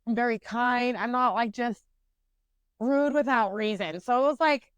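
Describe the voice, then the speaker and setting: A woman's voice: a little high, unhurried, clean tone, no echo, highs cut off. Candid, profane young woman telling stories. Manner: profane, candid, self-mocking; rambling with frequent fillers and restarts. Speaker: podcast co-host. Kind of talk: casual storytelling chat.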